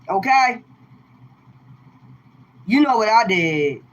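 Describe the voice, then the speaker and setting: A woman tarot reader telling viewers a personal story in a casual, emphatic, animated way. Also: on the high side, extremely slow, pauses often, rough recording.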